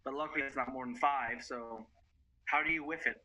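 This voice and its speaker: A man's voice: medium pitch, steady tone, a little fast, sharp tone, rough recording. A man running an online tabletop game as game master, setting scenes with crude jokes.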